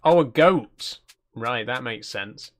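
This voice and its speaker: A man's voice: medium pitch, animated, slow pace. A man hosting a channel, giving casual gameplay commentary in an easygoing, self-conscious way and chatting with viewers. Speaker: channel host.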